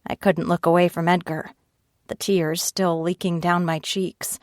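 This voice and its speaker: A woman narrating an audiobook in first person, reading at a slow, steady pace and raising her pitch for the other characters' lines. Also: no room sound, studio quality, close to an everyday voice. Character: tearful frightened young woman narrator, Ivy.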